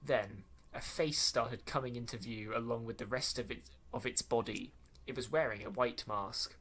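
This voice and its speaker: At a moderate pace, a man with a mid-range, slightly bright voice reads a horror story for his podcast, with a little hiss or hum in the recording. He fumbles badly written lines and mockingly reads them again with sarcastic asides.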